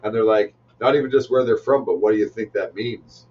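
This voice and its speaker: A man's voice: fairly low pitch, fairly quick, distant mic, a loud crowd. A Canadian man with a Canadian accent chatting casually as a podcast co-host, laid-back and amused. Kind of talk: casual chat. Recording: dull sound from off mic.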